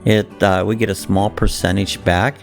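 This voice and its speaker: A man's voice: lowish voice, flat delivery, moderate pace, gravelly. A male channel host giving a plain, explanatory walkthrough of his links at the end of a video. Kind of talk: casual channel outro. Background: faint guitar music.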